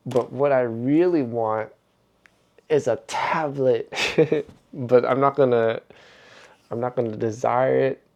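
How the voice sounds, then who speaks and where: Mellow-voiced middle-aged man musing aloud. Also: medium pitch, steady tone, slow pace, gravelly, pauses often, highs cut off. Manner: rambling, reflective, chuckles often. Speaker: vlogger. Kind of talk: casual vlog monologue.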